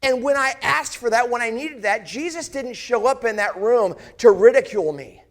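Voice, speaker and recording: Very high-pitched and expressive, a pastor speaks at a moderate pace as the disciple Thomas, an earnest grown man. His dramatic first-person sermon is impassioned, and he repeatedly asks the audience searching questions.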